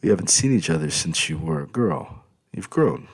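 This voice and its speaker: A man's voice: extremely low pitch, animated, normal speed, breathy edge, full character voice. A man voicing a cheerful, tall middle-aged uncle who talks in an upbeat, eager way. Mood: jovial.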